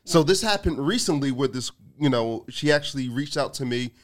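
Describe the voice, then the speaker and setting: A man's voice: medium pitch, lively intonation, brisk. A man co-hosting a podcast, telling stories in a blunt, profane, casual way. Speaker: podcast co-host. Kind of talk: casual chat.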